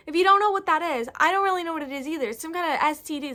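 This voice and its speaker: A young woman with a bright, high-pitched voice tells a story straight to camera in a loose vlog style. She rambles goofily, piling on slang and filler words as she goes. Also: fast talker, few pauses. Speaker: vlogger.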